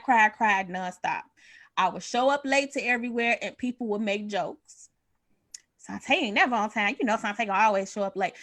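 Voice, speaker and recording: A woman tells a candid personal story. Her voice sits fairly high and leaps far higher whenever she acts out what someone said. She talks in an open, unscripted way. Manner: animated retelling, acts out dialogue with big pitch jumps. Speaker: podcast guest sharing a personal story.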